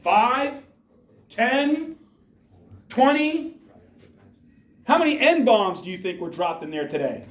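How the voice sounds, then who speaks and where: A man's voice: very high voice, animated, slow pace, long pauses. A man giving an emphatic motivational talk to students in a school hall, firing rhetorical questions at the audience. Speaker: speaker addressing students. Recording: echoey room from far off.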